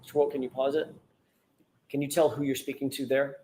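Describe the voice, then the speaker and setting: A man examines a witness in a courtroom with steady, procedural questions. He speaks quickly in a flat, even tone with little rise and fall. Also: medium pitch, slight background noise. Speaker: trial attorney.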